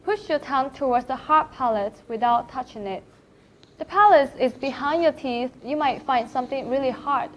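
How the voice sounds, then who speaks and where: A woman's voice: sits high, animated, normal speed. A woman with a Thai accent teaching Chinese pronunciation, carefully demonstrating vowel sounds one by one. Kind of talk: pronunciation lesson. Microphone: camera facing the speaker. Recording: slightly dull lo-fi sound.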